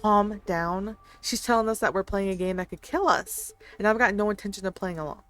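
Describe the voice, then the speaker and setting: A woman voicing an angry, defiant young woman who swears and shouts in frustration. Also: medium pitch, brisk, clear, resonant tone, close to an everyday voice.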